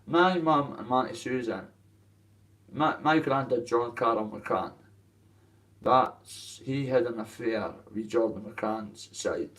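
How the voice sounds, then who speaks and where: A man's voice: medium pitch, slow pace, a bit bright, distant mic, poor audio. A young Scottish man talking to viewers in a rambling, emotional livestream chat, swearing freely. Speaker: streamer addressing viewers.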